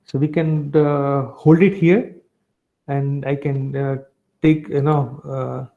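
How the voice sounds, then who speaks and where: A man's voice: mid-range voice, flat delivery, slow, gravelly. A man giving a revision lecture to a class, chatty and full of tag questions and fillers. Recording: dull lo-fi sound.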